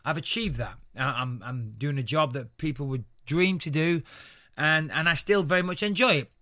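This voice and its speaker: Lively Northern English man in his thirties. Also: on the high side, normal speed. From Northwest England. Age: 30s. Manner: animated storyteller, voices others in anecdotes. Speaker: interviewee. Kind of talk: casual interview.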